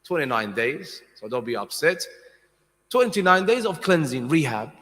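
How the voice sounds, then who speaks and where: Impassioned preacher with a high voice in a reverberant hall. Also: male voice, big pitch swings, normal speed. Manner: impassioned, swings from soft to loud; asks the audience questions directly. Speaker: speaker at a mourning gathering. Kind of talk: sermon. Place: large hall with congregation.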